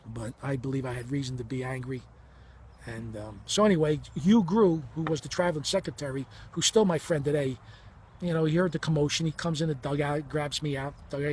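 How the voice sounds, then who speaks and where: A middle-aged man recounts an old grievance in a heated, blunt and profane way, acting out the dialogue as he goes. His voice sits somewhat high for a man, with a faint hiss of noise behind him. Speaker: former ballplayer telling his story. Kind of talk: emotional first-person storytelling.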